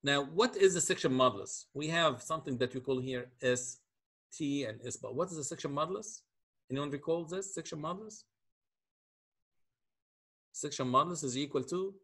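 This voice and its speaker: Husky-voiced man lecturing on beams. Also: a little high, normal speed, pauses often, a bit bright. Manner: explains step by step, asks the class questions. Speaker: engineering lecturer. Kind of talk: classroom lecture.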